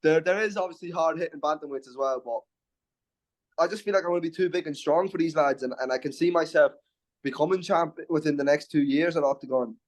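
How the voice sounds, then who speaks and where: A young man, an MMA fighter talking confidently in a casual interview, often restarting his words. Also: fairly high pitch. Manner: brash and confident, quick restarts.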